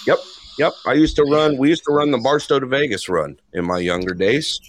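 A man's voice: medium pitch, brisk. An older man from California hosting a live call-in radio show with laughing, joking banter. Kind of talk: casual radio chat.

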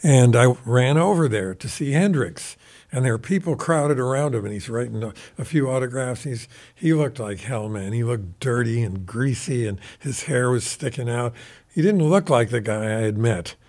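Older male guest, unhurried raconteur. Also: mid-range voice, expressive, a little mellow. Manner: rambling anecdotal, mimics quoted voices. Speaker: guest musician. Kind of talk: casual storytelling.

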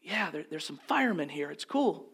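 A man voicing a small boy who answers the phone quietly and matter-of-factly, in a story told during a sermon. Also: on the high side, big pitch swings, normal speed, husky, full character voice. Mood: hushed.

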